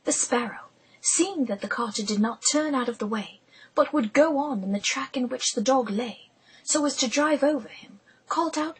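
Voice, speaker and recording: A woman narrating an audiobook in a hushed, intimate whisper. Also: high voice, normal speed, breathy edge, poor audio.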